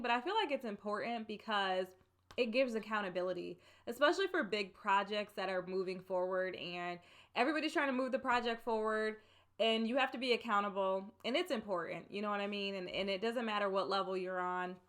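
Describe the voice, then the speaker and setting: Bright-voiced woman giving chatty advice. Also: mid-range voice, brisk. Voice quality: soft voice that can sound meek. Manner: chatty, emphatic, repeats key advice. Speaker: vlogger giving career advice. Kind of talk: casual advice talk to camera.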